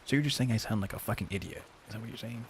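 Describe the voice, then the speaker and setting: Speaking very fast at a fairly low pitch, a young man streams with a little hiss or hum in the audio. He banters with his live chat in a loose, profane way, saying "like" and "dude" constantly.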